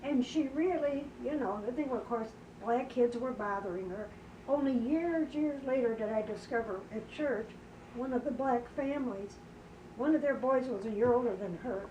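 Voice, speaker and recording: A somewhat high-voiced older woman talks through a family memory in an earnest, rambling way. She is heard from a distance in a roomy space with light background noise. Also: normal speed, warm tone, dull audio. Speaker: mother telling of her daughter. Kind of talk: casual conversation.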